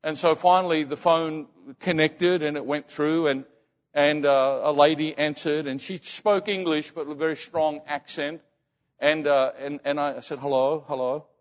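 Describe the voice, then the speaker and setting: A man preaching as a pastor, telling a story and often halting and repeating words. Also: fairly high pitch, fairly even intonation. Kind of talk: sermon storytelling. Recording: muffled sound in reverberant hall.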